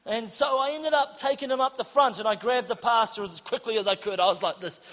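Male preacher, very high bright voice, animated storytelling, shouts for emphasis, long hall reverb. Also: a little fast, hardly any pauses. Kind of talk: sermon with storytelling.

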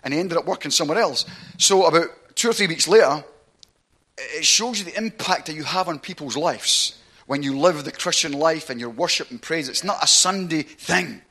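A man with a Glaswegian Scottish accent, preaching a sermon through chatty, animated storytelling that keeps checking in with "right?". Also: fairly high pitch, moderate pace, breathy edge. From Glasgow, Scotland.

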